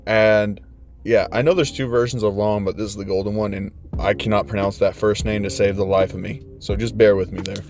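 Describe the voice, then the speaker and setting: A young man casually telling a fan-made story, in a loose, slangy style with swearing and quick voiced asides. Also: lowish voice, fairly even intonation, darkish tone.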